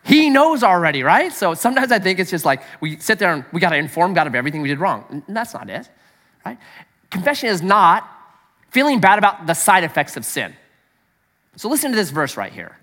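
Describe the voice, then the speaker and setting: A man's voice: high-pitched, bright, forceful tone. A man preaching a sermon as pastor, telling a family story with acted-out voices and humor. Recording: echoey hall.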